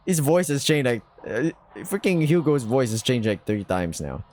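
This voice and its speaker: Man, gaming video, casual asides, self-mocking, lively pitch. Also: moderate pace, few pauses. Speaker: gaming YouTuber. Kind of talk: casual reading and commentary on a visual novel.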